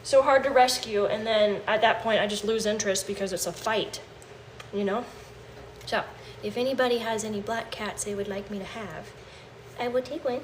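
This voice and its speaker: A woman's voice: medium pitch, normal speed, a little hiss or hum. A woman chatting casually on a livestream from her home kitchen, talking to viewers. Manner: chatty, coos baby talk to her cat. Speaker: livestream host.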